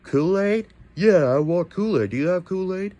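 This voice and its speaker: Dude voicing a whiny pig soldier begging for a drink, demanding tone, bouncy voice, dry room. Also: male voice, high voice, lively intonation, moderate pace, warm tone, dry recording, lo-fi sound. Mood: pleading. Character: pushy pig soldier craving a sugary drink.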